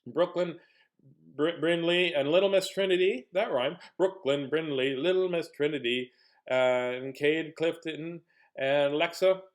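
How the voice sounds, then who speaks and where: A man's voice: on the high side, measured pace. Playful man reading to kids. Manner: playful, chatty, greets young viewers by name; jokey, clowning between reading. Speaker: children's book reader and host. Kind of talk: casual read-aloud livestream for kids.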